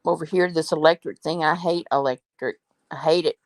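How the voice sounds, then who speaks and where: A woman's voice: sits low, a little fast, no echo, rough recording. A woman chatting casually with a wry, teasing humor. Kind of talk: casual chat.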